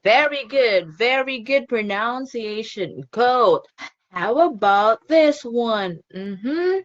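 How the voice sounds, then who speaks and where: A woman's voice: fairly high pitch, lively intonation, slow, highs cut off. A woman teaching an online phonics lesson to a child, cheerful and encouraging, laughing often.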